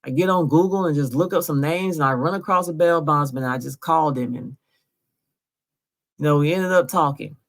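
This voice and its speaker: A woman's voice: sits low, fairly quick. A woman from Georgia telling her story straight to camera, insistent and emotional, often checking in with her viewers. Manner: insistent, keeps asking "right?". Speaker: vlogger. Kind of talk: emotional direct-to-camera vlog.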